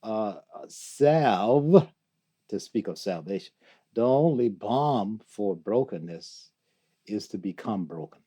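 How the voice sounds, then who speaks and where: An older man as a guest in an interview, talking slowly and reflectively, reciting poetry and laughing often. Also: fairly low pitch, lively intonation, dark tone, husky. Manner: slow, musing, quotes poetry, laughs often. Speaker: guest, theologian.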